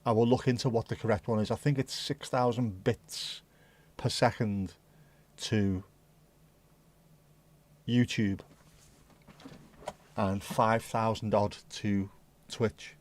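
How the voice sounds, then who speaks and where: A man hosting a casual livestream, rambling and thinking out loud as he chats to his viewers. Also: lowish voice, fairly even intonation, slow pace, pauses often. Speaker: livestream host.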